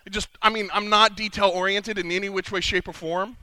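A man's voice: sits high, little pitch movement, brisk, bright, forceful tone, no echo. A man giving a humorous sermon at a conference, telling stories with animation and acting out the voices he quotes. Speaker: conference speaker. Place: conference session.

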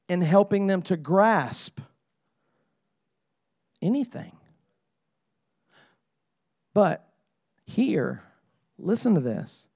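A middle-aged man preaches in a high voice, casual and conversational one moment, earnestly pleading the next. The sound is close and dry, with little room around it. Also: darkish tone, dry recording. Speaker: pastor. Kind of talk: sermon.

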